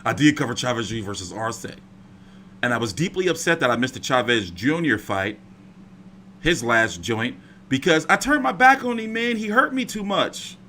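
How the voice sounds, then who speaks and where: A man's voice: medium pitch, normal speed, a little hiss or hum. A man hosting a casual boxing stream at home, rambling and swearing freely as he chats. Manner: profane, rambling, animated. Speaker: boxing commentator. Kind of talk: casual livestream chat.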